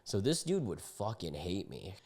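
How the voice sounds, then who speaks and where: Animated young man reacting to posts. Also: low voice, normal speed. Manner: animated, indignant, slangy. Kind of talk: casual reaction commentary.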